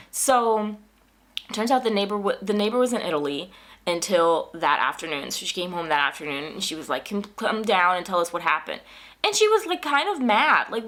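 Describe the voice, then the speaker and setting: A woman vlogger in casual, animated storytelling, whose voice jumps up when she quotes herself in exasperation. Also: medium pitch. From United States.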